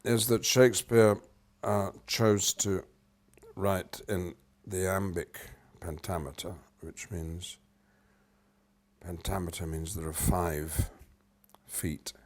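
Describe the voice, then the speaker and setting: An older British actor, being interviewed, explains things in a deep, slow voice. He swings animatedly between loud and soft, humming rhythms as he goes.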